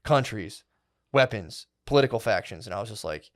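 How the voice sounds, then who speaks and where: Animated swearing man telling a rambling story. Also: fairly low pitch, brisk. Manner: rambling, animated, heavy swearing and filler words. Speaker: podcast co-host. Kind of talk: casual comedy podcast storytelling.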